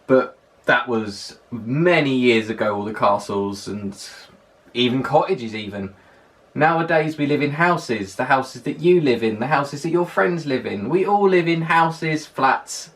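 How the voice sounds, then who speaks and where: A man's voice: medium pitch, lively intonation, measured pace, a bit bright. A young man from London with a well-spoken London accent, chatting to camera in a casual countdown list, emphatic and repeating words for stress. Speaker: vlogger. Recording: voice a little distant from the mic.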